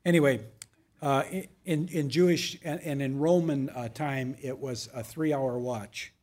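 A man's voice: mid-range voice, fairly even intonation, unhurried, darkish tone. A man preaching a verse-by-verse sermon as pastor, reading verses with emphasis and adding casual asides to the congregation.

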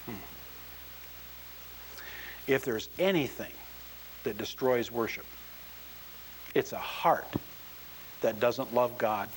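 A man's voice: medium pitch, a little hiss or hum, rough recording. A man preaching as a pastor, telling stories and then leading an earnest prayer. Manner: earnest storyteller, slows in prayer. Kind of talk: sermon and prayer.

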